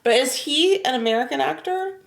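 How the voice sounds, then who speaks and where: A woman co-hosting a reaction video, chatting casually with quick reactions. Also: sits high, lively intonation, gravelly, roomy sound. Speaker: reaction channel co-host. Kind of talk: casual chat.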